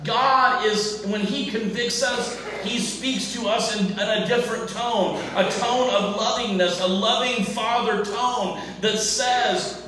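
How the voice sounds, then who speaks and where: A male pastor preaching a sermon in a church, speaking deliberately in short phrases, often repeating and restarting words. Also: sits high, pushed and bright. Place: church sanctuary. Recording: echoey church from far off.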